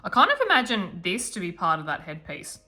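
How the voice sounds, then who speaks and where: A woman's voice: medium pitch, wildly swooping pitch, brisk, pushed and bright, soft background music. A woman hosting a guided coloring tutorial, chatting and mumbling to herself as she works. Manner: chatty, mumbling self-talk while working.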